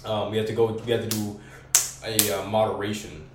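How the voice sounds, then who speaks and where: A man's voice: lowish voice, brisk, heavy background noise. A young man telling a story as a podcast guest in casual, slangy, profane talk. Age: young adult. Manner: slangy, profane, animated retelling. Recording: roomy echo, distant mic, faint background.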